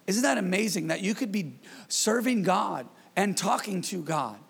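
A man preaching as pastor in his church, in a lively, conversational style with call-and-response to the congregation. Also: high-pitched, moderate pace, gravelly, husky, long reverb tail. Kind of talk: sermon.

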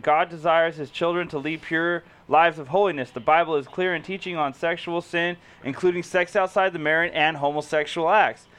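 A man's voice: fairly high pitch, a bit bright, clear, resonant tone. A young man in casual chat, joking around and reading web pages aloud in a laid-back way. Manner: laid-back, joking, says dude and bro.

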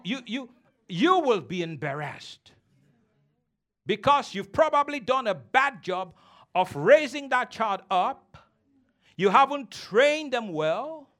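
A man's voice: very high-pitched, a bit bright. A man preaching a sermon as a pastor, emphatic and teasing, calling on the congregation to respond.

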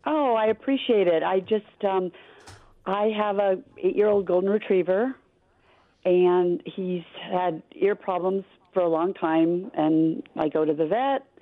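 A woman calling in to a radio show, speaking in a hesitant, halting way with many fillers. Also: fairly low pitch, dry recording. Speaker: caller. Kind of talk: call-in radio chat. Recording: tinny dry phone line.

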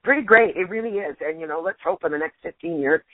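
A husky woman in her forties, a stand-up comedian nearly losing her voice, talking in an animated, casual way and restarting her sentences. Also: on the low side, quick pace, no echo. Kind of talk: casual interview chat. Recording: tinny dry phone line.

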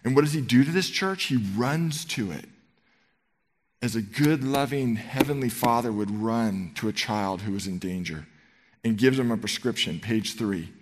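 A man preaches in a conversational, earnest way, telling stories to his congregation. His voice sits at an ordinary middle pitch. The sound carries a long reverb from a church sanctuary. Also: moderate pace, slight background noise. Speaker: pastor. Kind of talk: sermon.

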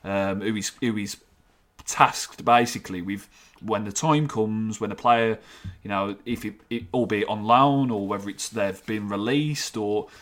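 A man co-hosting a casual football podcast, often halting and restarting as he thinks aloud. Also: on the low side, a bit bright. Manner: halting, many restarts and fillers, earnest. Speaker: podcast co-host.

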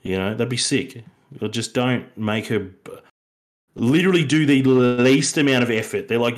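A man's voice: mid-range voice, normal speed. Rambling Australian guy reviewing a film. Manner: rambling, laughing, acts out lines from the film. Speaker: podcast co-host. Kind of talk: casual film review chat.

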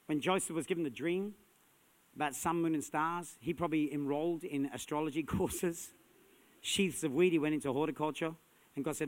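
A man's voice: on the high side, brisk. Punchy preacher man. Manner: energetic, punchy, rising to shouts. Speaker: pastor. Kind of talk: sermon.

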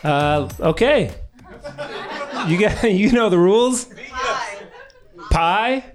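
A man's voice: sits high, animated, takes it slowly, music in the background. A man in his thirties doing crude, rambling improvised stand-up from audience suggestions, laughing at his own jokes on a club stage. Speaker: stand-up comedian. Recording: noisy live club recording.

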